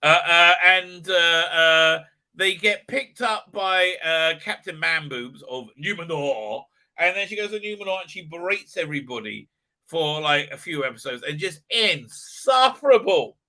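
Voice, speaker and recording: A man's voice: a little high, animated, unhurried, pushed and bright, low-quality recording. A man hosting a livestream, ranting crudely and profanely, rambling with constant filler sounds. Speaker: channel host. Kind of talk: livestream commentary rant.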